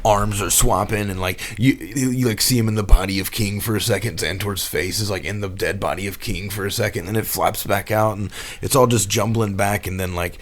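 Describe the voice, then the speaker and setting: A man with a very low voice playing a tabletop game. He rambles through his description and fills every pause with "like". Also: steady tone. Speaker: player. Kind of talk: tabletop role-play.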